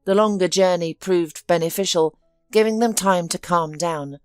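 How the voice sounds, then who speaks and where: Low-voiced woman narrating a story. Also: moderate pace, clean tone, no echo. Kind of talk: scripted narration. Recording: dry studio voice-over with soft music.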